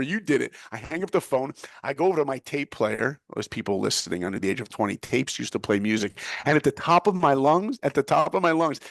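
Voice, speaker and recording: A middle-aged American man with a gravelly edge to his voice tells his story with vivid energy, switching between himself and the people he quotes. The sound is close and dry, with no room around it. He speaks as an interview guest. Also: mid-range voice, expressive, quick pace, hardly any pauses, dry recording. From United States. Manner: vivid, acts out both sides of dialogue. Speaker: guest, former animator and speaker. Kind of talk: animated storytelling.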